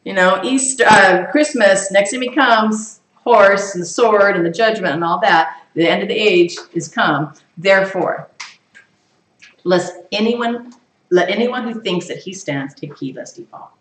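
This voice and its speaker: A woman's voice: mid-range voice, measured pace. Lady teaching bible study, asks the room questions, laughs a lot, echoey room, mic kinda far. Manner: animated, asks the group questions and laughs often.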